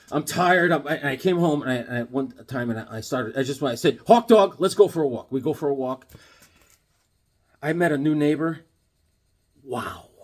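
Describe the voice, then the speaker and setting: A man casually telling rambling, sarcastic stories while showing off his comic books. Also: a little high. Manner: rambling, sarcastic, restarts often. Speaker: comic book collector and vlogger.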